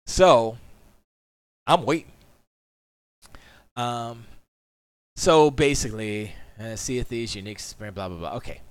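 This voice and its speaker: A man's voice: mid-range voice, unhurried, long pauses, smooth, no room sound. A man chatting casually on a live stream from his home studio, rambling and opinionated, often mocking what others say.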